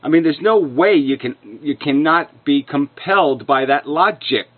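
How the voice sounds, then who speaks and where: Angry guy ranting and swearing at someone, kinda high voice, tinny phone-ish audio. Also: moderate pace, slight background noise. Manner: furious, profane, insulting. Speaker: video commentator. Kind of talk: angry rebuttal rant. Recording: narrow phone-like lo-fi sound.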